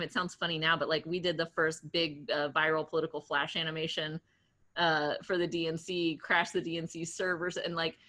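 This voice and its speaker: A woman in her late thirties talks as an interview guest, her bright, forceful voice set a little low for a woman. She tells her stories in an animated, chatty rush, laughing often and restarting sentences as she goes. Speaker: guest entrepreneur. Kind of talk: casual interview storytelling.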